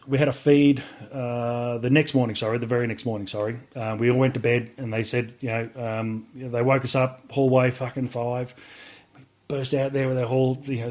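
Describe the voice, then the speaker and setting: Australian male veteran guest, mid-pitched, rambling and profane storyteller. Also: darkish tone. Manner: swears freely, rambling with many fillers. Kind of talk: casual storytelling interview.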